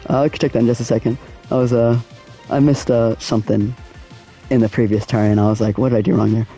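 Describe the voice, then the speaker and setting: A man's voice: medium pitch, little pitch movement, fairly quick, warm tone, soft background music. Laid-back young man streaming a racing game. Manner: laid-back slangy, chats with viewers while racing. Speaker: gaming streamer. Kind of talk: casual live-stream commentary.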